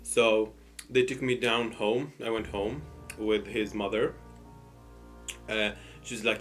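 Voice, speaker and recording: A man's voice: lowish voice, flat delivery, slow, a bit bright, faint music behind. A man casually telling a personal story while eating, hesitant and full of fillers and restarts. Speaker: storytime host.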